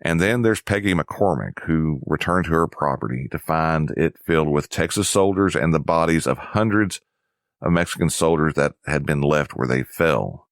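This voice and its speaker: A man with an extremely deep, low voice narrates a history lesson in a measured, somber way. The sound is close and dry. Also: animated, no room sound.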